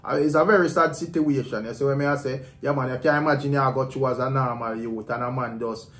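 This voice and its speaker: Jamaican male show host, mid-pitched, reflective commentary with room echo. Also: fairly even intonation, a little fast, fairly bright tone. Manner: reflective, sympathetic, repeats "you see what I say".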